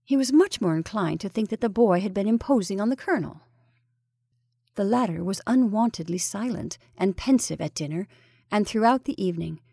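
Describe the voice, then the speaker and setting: A woman storyteller reading a ghost story aloud with measured, even narration. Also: mid-range voice, creaky, slightly rough, dry recording, clean studio sound.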